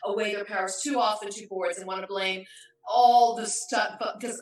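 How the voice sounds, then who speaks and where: Middle-aged woman, podcast guest, animated storyteller; distant and echoey recording. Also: medium pitch, a little fast. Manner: animated storyteller, acts out quotes. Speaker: guest expert. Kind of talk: casual podcast conversation. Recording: echoey room, distant from mic.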